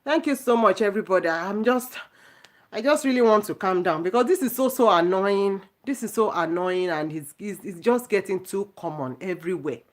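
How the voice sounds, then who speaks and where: A woman's voice: medium pitch, expressive, moderate pace. Indignant woman vlogger ranting to camera. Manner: indignant, repetitive, emphatic. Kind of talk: casual ranting monologue to viewers.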